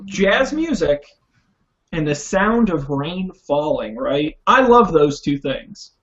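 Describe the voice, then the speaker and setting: Male podcast host, slightly higher voice, upbeat and chatty, dull lo-fi audio. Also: very animated, slow, fairly bright tone. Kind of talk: casual tech podcast chat.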